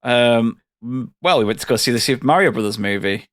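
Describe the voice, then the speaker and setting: A man hosting a podcast, talking in a relaxed, rambling way with casual swearing. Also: medium pitch, fairly quick, dry recording, clean studio sound. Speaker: podcast host. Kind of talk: casual chat.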